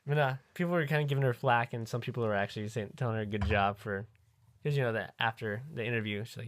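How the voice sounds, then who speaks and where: A man co-hosting a casual podcast, crude and joking, with frequent laughter. His voice sits at an ordinary pitch for a man. The recording is dry, with no room sound. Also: steady tone, fast, no echo. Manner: laughs often. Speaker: podcast co-host. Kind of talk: casual chat.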